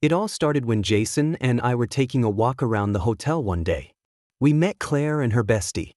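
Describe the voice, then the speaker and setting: A man's voice: medium pitch, expressive, moderate pace, a little mellow, no room sound. Man narrating a story, dry close sound. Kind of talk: first-person story narration.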